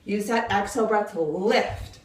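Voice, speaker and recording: A woman fitness instructor coaching a quick kitchen workout, counting reps and out of breath. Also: medium pitch, a little mellow. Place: home kitchen. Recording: echoey room, voice from a distance. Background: kitchen clicks, blender.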